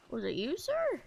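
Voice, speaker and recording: A woman's voice: very high-pitched, vocal fry, heavily acted. A woman streaming a game in character as a bashful male cowboy outlaw, stammering and rambling with frequent laughs.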